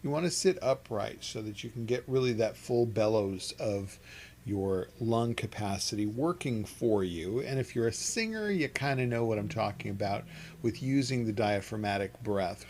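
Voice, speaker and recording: A man leading a meditation and chanting class from his home studio, talking in a relaxed, rambling way with soft laughs and restarts. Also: mid-range voice, normal speed, a little hiss or hum. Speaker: meditation teacher. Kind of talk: guided chanting instruction. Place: home studio with an open window.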